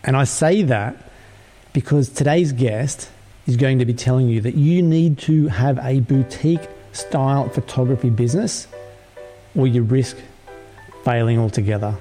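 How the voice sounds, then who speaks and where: Man, podcast host, mellow warm voice, upbeat and salesy, faint music behind. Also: mid-range voice, normal speed. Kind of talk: scripted podcast intro and interview.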